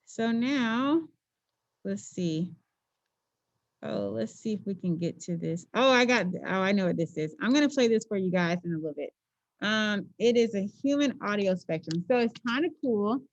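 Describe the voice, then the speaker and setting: A woman physics teacher giving a relaxed classroom lecture, playful and chatty, often checking in with her students. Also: mid-range voice, normal speed, no room sound, lo-fi sound.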